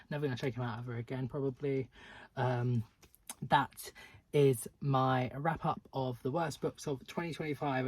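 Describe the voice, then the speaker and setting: A man's voice: mid-range voice, darkish tone, breathy edge, no room sound. A man reviewing books in a casual vlog, blunt and catty, chatting with lots of fillers. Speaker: book reviewer.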